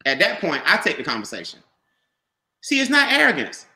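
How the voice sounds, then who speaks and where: A man giving an animated, repetitive motivational sales talk about a home business, calling on listeners by name. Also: sits high, brisk, roomy sound. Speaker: business opportunity presenter.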